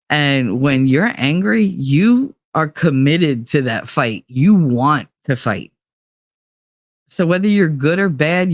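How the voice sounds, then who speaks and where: A woman's voice: fairly low pitch, no room sound, studio quality. A middle-aged woman hosting a casual podcast, talking bluntly with wry self-mocking humor and plenty of swearing. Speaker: podcast host. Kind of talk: casual personal chat.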